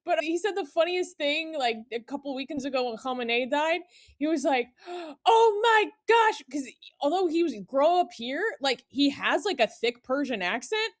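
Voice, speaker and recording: A woman's voice: sits high, animated, normal speed, no echo, studio quality. A young woman calling in, telling amused stories in a chatty, casual way full of fillers. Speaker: caller. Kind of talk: casual storytelling.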